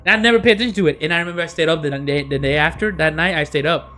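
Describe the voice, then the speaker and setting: A podcast host with a slightly high, sharp voice races through a story, rambling casually with many fillers and dropping in Spanish words and phrases.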